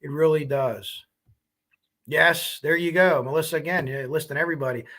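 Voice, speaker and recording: A man's voice: on the high side, normal speed, fairly bright tone. A man hosting a true crime livestream, chatting casually and rambling as he reacts to viewer comments.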